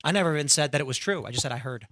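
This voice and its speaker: A man hosting a talk show panel, animated and sarcastic, acting out quotes as he talks. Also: a little high, very fast, no room sound, studio quality. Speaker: podcast host.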